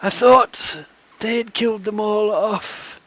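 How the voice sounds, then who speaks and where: A man voicing a frail, half-blind old man who speaks slowly and mutters to himself. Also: high voice, fairly even intonation, a bit bright, no echo, pitched above the performer's own voice, exaggerated voice. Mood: welcoming.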